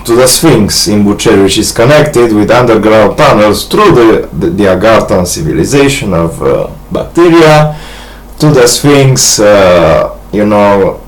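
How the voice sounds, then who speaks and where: Halting, grandiose man. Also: lowish voice, animated, rough recording. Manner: hesitant, halting, many restarts and fillers; grandiose, earnest monologue. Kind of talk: rambling personal video message.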